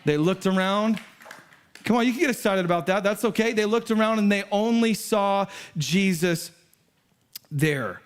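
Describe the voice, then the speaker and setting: A man's voice: high voice, normal speed, clean tone. A man preaching a sermon as pastor, in a casual, conversational way that builds to emphatic peaks. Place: church sanctuary.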